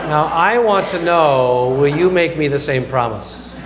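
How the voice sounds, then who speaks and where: A man's voice: fairly high pitch, unhurried. A male pastor giving a chatty sermon on a microphone in a church, joking and mocking himself. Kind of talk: conversational sermon. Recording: echoey church hall with long reverb.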